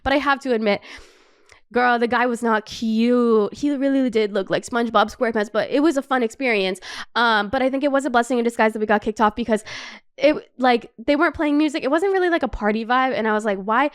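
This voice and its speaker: High, smooth-voiced young woman telling a story. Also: fast. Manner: animated, swears a lot, says "like" constantly. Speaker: podcast host. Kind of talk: casual storytelling chat.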